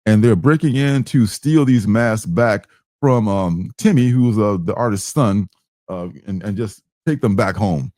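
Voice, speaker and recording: A man's voice: fairly low pitch, unhurried, a little mellow, dry recording. A man hosting a casual comic book livestream, talking in a loose, hesitant, meandering way.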